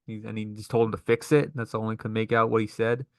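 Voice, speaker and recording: A man's voice: on the low side, flat delivery, fast, gravelly, dry recording, studio quality. A man giving a casual, enthusiastic recap of a wrestling show, laughing often.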